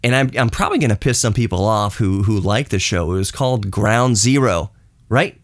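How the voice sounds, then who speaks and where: A man in his late thirties hosting a podcast. He rants in a casual, blunt and sarcastic way, and his voice leaps high in disbelief, then drops low for asides. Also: moderate pace, dry recording, studio quality. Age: late 30s. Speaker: podcast host. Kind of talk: casual ranting monologue.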